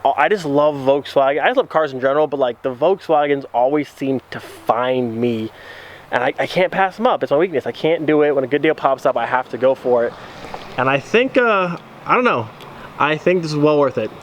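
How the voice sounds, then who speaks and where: A man chatting casually to his viewers outdoors as a vlogger, thinking out loud and calling them his friends. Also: medium pitch, expressive, a little fast, slight background noise. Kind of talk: casual vlog chat to camera. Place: outdoors by a car trailer.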